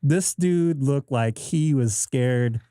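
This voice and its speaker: A man's voice: mid-range voice, slow pace, warm tone, smooth, dry recording, clean studio sound. A man hosting a live stream, chatting casually and acting out both sides of a story. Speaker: host. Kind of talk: casual chat. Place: home radio shack.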